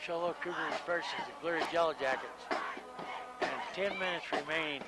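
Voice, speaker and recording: A man calling a high school football game on the radio, joking and boastful, out of breath. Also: a little fast, low-quality recording. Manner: joking, boastful, self-styled showman. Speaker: play-by-play announcer. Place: outdoor stadium press box. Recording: loud band music behind.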